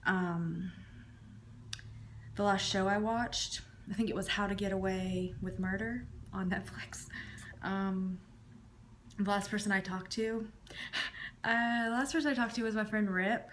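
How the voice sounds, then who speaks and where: A woman's voice: mid-range voice, steady tone, unhurried, pauses often, fairly bright tone, slight background noise. A woman in her thirties from the States. She answers tag questions casually and drops her voice at the ends of phrases. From Southern United States. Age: 30s. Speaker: YouTuber.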